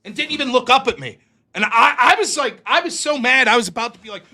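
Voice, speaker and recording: High, bright-voiced man telling stories. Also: lively intonation, fast. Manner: profane, rambling anecdotes with quoted voices. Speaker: host. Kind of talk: casual storytelling on a live stream.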